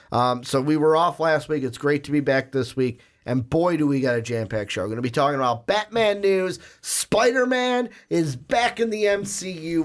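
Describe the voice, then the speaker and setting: A young man hosting a casual podcast, rambling and chatty, with frequent fillers and restarts. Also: medium pitch. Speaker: podcast host.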